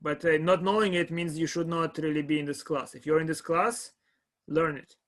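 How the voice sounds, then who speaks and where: A man lectures on calculus in a slightly high voice. He talks in halting bursts, restarts and repeats his words, and keeps stopping to ask the class whether they follow. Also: level tone, a bit bright. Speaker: math lecturer.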